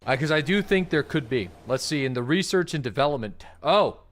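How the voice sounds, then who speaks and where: A young man streaming a game, chatting casually, swearing freely and getting loudly excited at new finds. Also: brisk. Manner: excitable, swears a lot, jumps up high when surprised. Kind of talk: casual gaming livestream chat.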